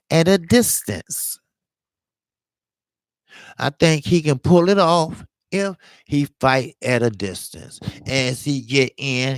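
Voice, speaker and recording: Slow, rambling male boxing talk host. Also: medium pitch, dry recording. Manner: rambling, loose and chatty, jumps between topics. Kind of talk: casual boxing talk to a live chat.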